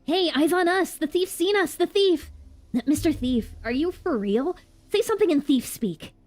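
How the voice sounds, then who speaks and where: A woman's voice: extremely high pitch, animated, moderate pace, a little mellow, faint music behind, pitched above the performer's own voice. Woman doing a cheeky, taunting little boy. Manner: mocking, playful, childish questions.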